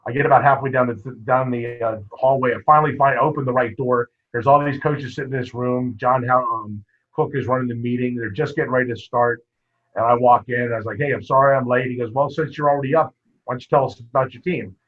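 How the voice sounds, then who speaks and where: Husky-voiced man telling coaching stories. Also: mid-range voice, fast. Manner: animated anecdote-telling with quoted dialogue. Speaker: wrestling coach, guest. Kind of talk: casual storytelling interview. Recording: muffled lo-fi podcast audio.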